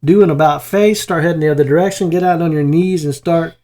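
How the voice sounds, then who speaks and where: A man's voice: fairly high pitch, fast, mellow. Guy on a christian marriage show, emphatic and preachy, chatty. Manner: emphatic, preachy, uses vivid warnings. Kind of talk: casual faith-based marriage talk.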